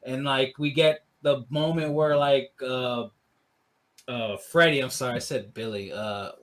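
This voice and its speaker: A man co-hosting a casual movie review podcast, rambling through plot recaps full of "like" and quick acted-out quotes. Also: medium pitch, steady tone, fairly bright tone. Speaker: podcast co-host.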